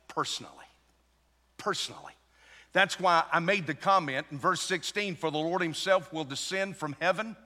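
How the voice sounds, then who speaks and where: A bright, forceful man's voice with a high-leaning pitch, preaching a sermon from the pulpit. He shifts from hushed storytelling to emphatic, rising declarations. The sound rings with a long reverb, as in a large church hall. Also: lively intonation, moderate pace. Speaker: pastor.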